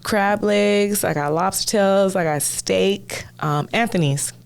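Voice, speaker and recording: Gravelly-voiced woman, giggly podcast co-host. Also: medium pitch, slow. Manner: warm-humored, giggly, affirming listener. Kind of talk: casual chat.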